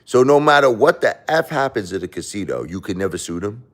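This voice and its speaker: Deep-voiced defensive man on a livestream. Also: brisk. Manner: defensive, repetitive, animated storyteller. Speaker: livestream host. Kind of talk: casual livestream chat answering viewer questions.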